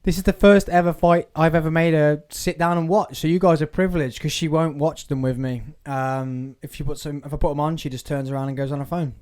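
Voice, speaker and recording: A man's voice: a little high, steady tone, fairly quick, hardly any pauses, a little mellow, clean tone. A young man hosting a casual podcast, jokey and teasing, breaking into mock accents as he banters with his guests. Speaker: podcast host.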